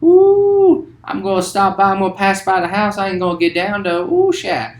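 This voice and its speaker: A man voicing a chatty South Louisiana man with an exaggerated drawl and high, animated exclamations. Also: moderate pace. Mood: playful. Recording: roomy echo.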